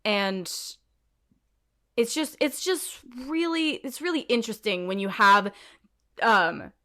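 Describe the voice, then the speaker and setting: A woman co-hosting a podcast in casual chat, animated and ranty, swearing and laughing often. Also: medium pitch, slow pace. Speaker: podcast co-host.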